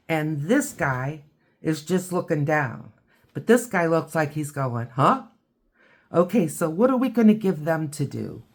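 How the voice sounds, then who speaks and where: Low-pitched lady doing an art tutorial, slow and chatty, kinda thinking out loud. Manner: chatty, thinking aloud while painting. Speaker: art teacher. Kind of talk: watercolor tutorial.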